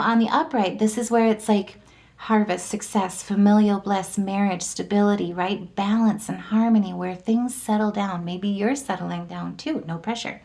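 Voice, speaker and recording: A woman's voice: medium pitch, warm tone. A woman giving an enthusiastic, chatty tarot and astrology reading, often tagging "right?" and "like" onto her points. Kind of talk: casual spoken horoscope reading.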